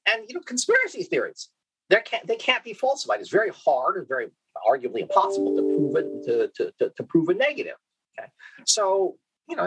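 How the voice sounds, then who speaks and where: Over poor audio, a man with a slightly high, breathy-edged voice gives a conference keynote. He keeps the audience engaged with rhetorical questions and repeated "okay?", restarting his lines in a lively, questioning manner.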